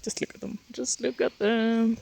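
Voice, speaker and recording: A young woman with a slightly high, gravelly voice strolls through her outdoor vegetable garden at a moderate pace, giving a casual vlog-style tour of her homestead. She's animated and exclamatory, marveling at her crops while alternately scolding and cooing at her dogs.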